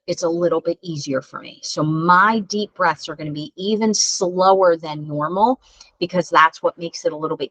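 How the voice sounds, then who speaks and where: A woman teaching children a mindful breathing lesson, gentle and encouraging, laughing at herself when it goes wrong. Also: lowish voice, no room sound, rough recording. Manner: gentle, encouraging, self-deprecating. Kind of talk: guided breathing lesson for kids.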